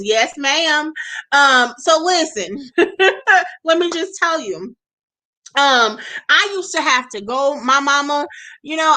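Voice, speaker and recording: High, slow-talking chatty woman host. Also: sharp tone. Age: 40s. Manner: chatty, laughs often, addresses listeners directly. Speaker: radio show host. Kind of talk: casual chat.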